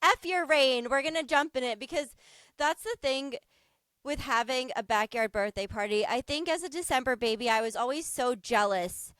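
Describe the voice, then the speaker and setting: A woman in her thirties co-hosting a podcast, telling stories in an animated, laughing way and swearing freely. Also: sits high, normal speed, smooth, no echo. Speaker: podcast co-host. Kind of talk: casual chat.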